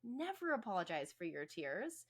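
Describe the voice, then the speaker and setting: A woman's voice: mid-range voice, very animated, normal speed, breathy edge. Impassioned woman podcast host and therapist. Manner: impassioned, emphatic, swears freely. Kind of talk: podcast conversation.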